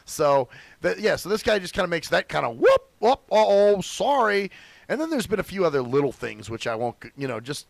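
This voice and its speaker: A young man hosting a radio show, telling stories in a profane, animated, chatty way. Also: high-pitched, fairly quick, vocal fry, no room sound. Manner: profane, animated storytelling with acted quotes. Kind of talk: casual chat.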